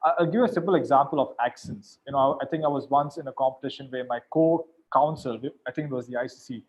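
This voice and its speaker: A man judging mediation competitions gives informal coaching advice in an animated way, often repeating words as he starts a sentence. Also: medium pitch, quick pace, lo-fi sound.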